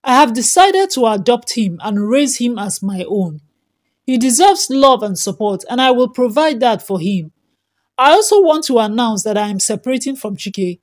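A woman voicing a young wife who speaks calmly but firmly, at times pleading. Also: on the high side, moderate pace. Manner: calm but firm, pleading.

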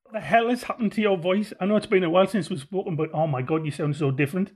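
A man's voice: high voice, fast, darkish tone, a little hiss or hum. A young man with a Sunderland accent, co-hosting a podcast in a chatty, joking way. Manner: chatty, jokey storytelling. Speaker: podcast co-host. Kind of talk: casual chat.

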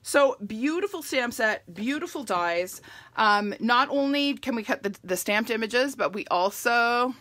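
A woman's voice: fairly high pitch, sing-song, measured pace, pushed and bright, no room sound. A middle-aged woman giving a chatty live crafting demonstration and greeting viewers by name as she works. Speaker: stamping demonstrator.

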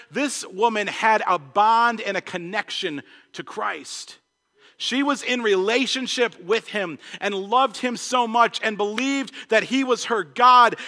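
A male pastor preaches to his church in a high, bright voice. He is earnest, pressing some points hard and dropping others to a hush, and a long reverb trails his words through the hall. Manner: earnest, swings between emphatic and hushed. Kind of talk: sermon.

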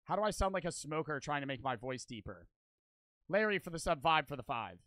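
A man's voice: fairly high pitch, animated, fairly quick, a bit bright, dry recording. A man in his twenties streaming and reacting to videos, rambling and joking with a lot of profanity. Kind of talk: casual stream chat.

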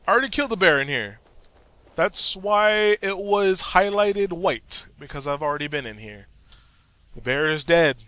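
A man giving jokey, excitable commentary while playing a video game, often talking back to the characters. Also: fairly high pitch, no room sound. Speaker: gameplay commentator. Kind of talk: joking gameplay commentary.

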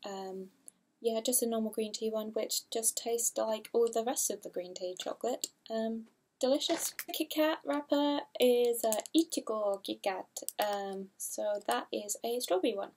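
A woman's voice: on the high side, unhurried, darkish tone. Chatty young woman vlogging. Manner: chatty, rambling, giggly, unsure of product names. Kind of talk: casual haul video.

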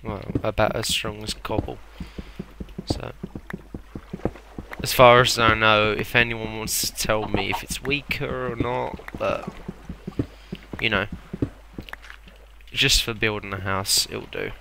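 A man's voice: on the low side, steady tone, slow, creaky, long pauses, noisy background. A young man rambling and mocking himself as he plays a block-building game. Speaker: gameplay commentator. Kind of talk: casual Let's Play commentary.

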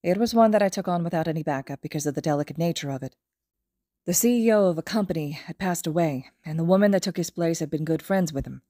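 A woman reading the lines of a weary, protective young man in a fan audiobook, in a low, troubled tone. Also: quick pace, dark tone, no room sound, clean studio sound, close to an everyday voice. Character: young adult male hero, weary and protective.

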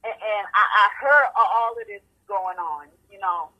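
A woman's voice: mid-range voice, expressive, normal speed, bright, forceful tone, lo-fi sound. A woman guest in an interview, telling her personal story candidly with many stammered restarts.

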